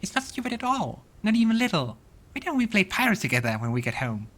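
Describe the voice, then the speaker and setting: A man's voice: high voice, big pitch swings, quick pace, a bit bright, pitched above the performer's own voice, exaggerated voice. A man voicing a bubbly, childlike female azata spirit with an eager, sing-song way of talking in a game. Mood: earnest.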